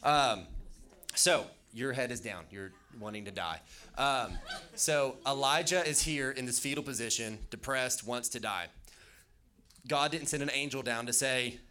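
A man's voice: medium pitch, a little slow, bright, forceful tone. A young man preaching a casual youth sermon, chatty and loose, with jokey asides and lots of fillers. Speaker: youth pastor.

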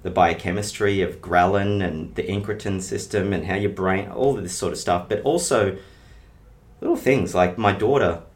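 Man, middle-aged, lowish voice, emphatic coach, conversational interview. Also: moderate pace. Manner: emphatic, explains with analogies and stories. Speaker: health and weight-loss coach. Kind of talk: casual podcast interview.

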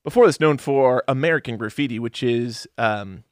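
A man's voice: medium pitch, normal speed, no echo, clean studio sound. A man co-hosting a casual movie review chat, running through cast lists and joking around. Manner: reads cast lists, sings and does silly voices. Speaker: podcast co-host.

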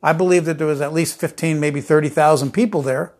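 A man's voice: a little high, fairly even intonation, brisk, a little mellow. A man preaching a sermon, telling stories with many restarts and fillers, then building to emphatic declarations.

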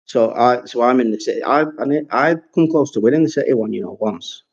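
This podcast co-host talks at a mid-range pitch, fairly quickly, with a breathy edge. The audio is dull and lo-fi, and the conversation is loose and rambling, sprinkled with plenty of swearing.

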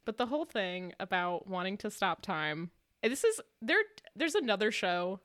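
A woman's voice: medium pitch, very animated, moderate pace, a bit bright, no echo. A young woman co-hosting a casual rewatch podcast, chatty and emotional, laughing often and filling with "like". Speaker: podcast co-host.

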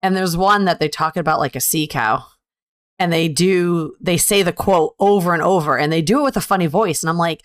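A woman with a slightly low voice chatting casually as a podcast co-host. She tells lively stories and acts out the lines of the people in them. Her voice sounds dry and close, with almost no room behind it. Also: fairly quick, no room sound. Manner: animated storyteller, acts out quotes. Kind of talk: casual chat.

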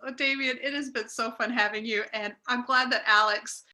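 A woman's voice: a little high, fairly even intonation, moderate pace, bright, forceful tone. A woman hosting a podcast, friendly and thanking her guest as she wraps up the chat. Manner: friendly, thanks the guest often, laughs easily. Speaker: podcast host. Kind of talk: casual interview chat.

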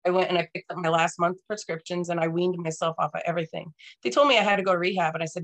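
A woman's voice: lowish voice, steady tone, racing. A woman speaking as a podcast guest, telling her personal story in a frank, earnest and emphatic way.

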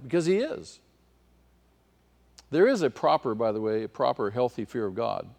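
Impassioned preacher man in an echoing hall. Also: mid-range voice. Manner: impassioned, rising to near-shouts at peaks. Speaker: pastor. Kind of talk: sermon. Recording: long hall reverb.

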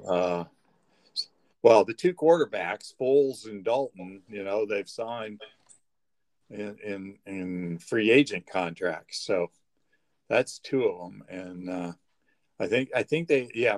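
A man with a low voice trades casual, halting banter, restarting his words as he teases his co-host. The sound is close and dry, with no room around it. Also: dry recording.

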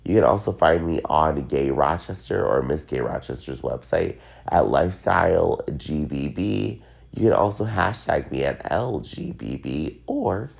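A man's voice: a bass voice, expressive, normal speed, gravelly, darkish tone. A man hosting his own podcast, talking in a loose, rambling solo rant while congested, sick and drunk. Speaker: podcast host.

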